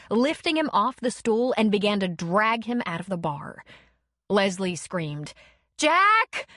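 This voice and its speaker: A woman reading an audiobook in measured, expressive narration. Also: mid-range voice, no room sound, clean studio sound. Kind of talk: scripted narration.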